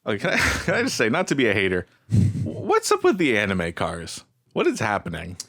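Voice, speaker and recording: A man's voice: mid-range voice, huge pitch swings, brisk, fairly bright tone, no room sound. A man co-hosting a casual podcast, chatting with wry, self-mocking humor. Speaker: co-host.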